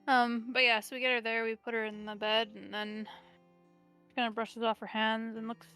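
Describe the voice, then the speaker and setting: Woman player chatting through a tabletop game, kinda high voice, music faint in the background. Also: little pitch movement, normal speed, pushed and bright, clear, resonant tone. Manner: casual, describes her character's actions. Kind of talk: tabletop role-play chat.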